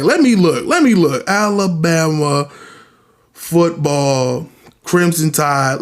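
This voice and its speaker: High-voiced man ranting with heavy profanity. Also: a bit bright, reverberant. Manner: profane, exasperated, rhetorical questions. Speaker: podcast host. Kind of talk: casual ranting commentary.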